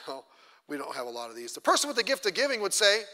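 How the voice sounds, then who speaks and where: A middle-aged pastor talks fast with big pitch swings, his high voice pushed and bright. He teaches a church class conversationally and self-deprecatingly, acting out little quotes, with a long reverb from the church hall.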